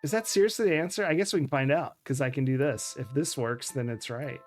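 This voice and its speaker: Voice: mid-range voice, fairly quick, soft background music. A streamer giving live commentary on a game, ranting in annoyance and laughing at the puzzles. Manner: exasperated, laughing rants.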